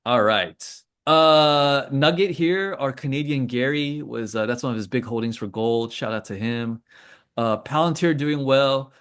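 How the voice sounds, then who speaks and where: A man's voice: mid-range voice, a little slow, fairly bright tone, clear, resonant tone. A man hosting a casual trading call, rambling through charts with joking asides and lots of fillers. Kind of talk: casual screen-share commentary.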